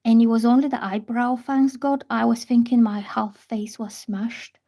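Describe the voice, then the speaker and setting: A young woman reading tarot on a livestream, chatting casually and telling a story with soft, hesitant restarts. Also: on the high side, fairly even intonation, moderate pace.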